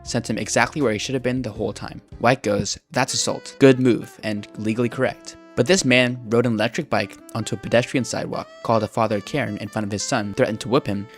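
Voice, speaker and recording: A low-pitched man narrates in a dry, sarcastic tone, grading silly arguments like chess moves. His delivery is scripted and even, with faint music under it. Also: fast, hardly any pauses. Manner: sarcastic, mock chess commentary. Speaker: commentator.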